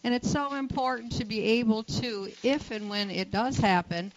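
A woman's voice: on the high side, moderate pace, background noise. A woman who teaches boating safety, a guest on a radio show, giving practical advice in a plain, matter-of-fact way. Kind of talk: radio interview.

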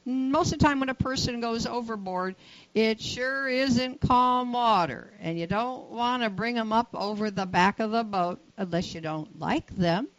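A woman's voice: a little high, a little slow, no echo, poor audio. A woman who teaches boating safety, a guest on a radio show, giving practical advice in a plain, matter-of-fact way. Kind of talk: radio interview.

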